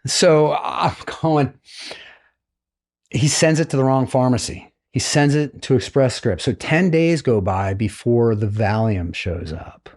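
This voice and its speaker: A middle-aged American man recounts his experience in a relaxed, conversational way. His voice is mid-pitched, and he slips into the voices of the people he quotes, bringing them to life as he goes. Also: measured pace. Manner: animated storyteller, acts out quoted voices. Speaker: podcast guest, retired naval flight officer. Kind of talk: casual storytelling interview.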